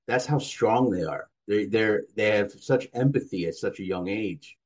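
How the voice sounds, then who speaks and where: A man's voice: lowish voice, moderate pace, hardly any pauses, a little mellow. A man hosting an interview, responding in a frank, sympathetic way with casual swearing. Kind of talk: casual conversation.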